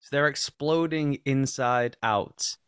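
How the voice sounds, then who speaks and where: A man's voice: medium pitch, slow, clear, resonant tone, no echo. Dry-humored male podcast co-host. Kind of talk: casual podcast chat.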